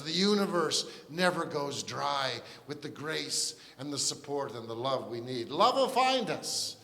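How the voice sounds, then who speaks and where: Earnest pastor in a reverberant church. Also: male voice, fairly high pitch, sharp tone. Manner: conversational and earnest, with frequent restarts and asides. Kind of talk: sermon. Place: church sanctuary.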